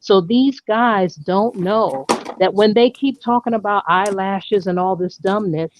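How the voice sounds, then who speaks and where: A woman's voice: mid-range voice, unhurried. A woman with a New York accent in casual chat, talking emphatically and repeating words when she gets going. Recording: dull lo-fi sound.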